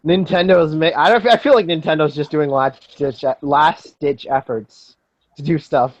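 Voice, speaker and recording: A man's voice: on the high side, normal speed, no room sound, highs cut off. Joking young man on a dry call. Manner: joking, sarcastic and rambling. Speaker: podcast host. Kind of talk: casual group chat over a voice call.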